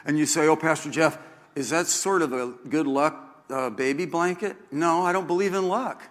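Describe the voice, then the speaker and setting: A man's voice: on the high side, normal speed, a bit bright, in a large hall. An older man preaching a sermon as pastor, folksy and joking, often repeating himself. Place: church sanctuary.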